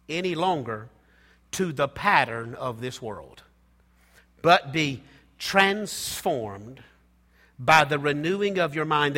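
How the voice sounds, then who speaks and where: High bright-voiced male preacher, reverberant. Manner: preaching with swings from soft to loud. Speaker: pastor. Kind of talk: sermon. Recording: long hall reverb.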